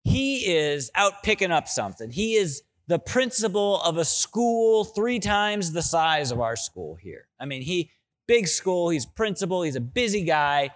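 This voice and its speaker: Unhurried, this middle-aged pastor preaches and tells stories, his voice surging in loud, excited moments before sinking into quiet, low-pitched asides.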